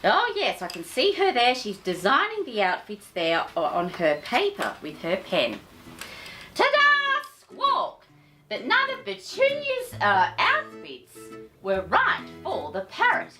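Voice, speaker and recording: A woman's voice: a little high, huge pitch swings, a little slow, pushed and bright, soft background music. A woman reading a children's picture book aloud as host, theatrical, with affectionate asides to her listeners.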